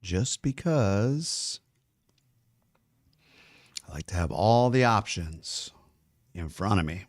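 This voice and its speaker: A man's voice: lowish voice, animated, takes it slowly, pauses often, no echo, studio quality. A man, a music producer, chatting casually and rambling as he masters a song live, swearing now and then. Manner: talks while chewing. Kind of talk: casual livestream talk while mastering.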